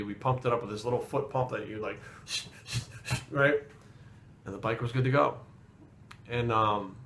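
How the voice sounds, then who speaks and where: Casual male fitness vlogger, mid pitch, profane and rambling storyteller. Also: fairly bright tone, slight background noise. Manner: heavy swearing, rambling asides.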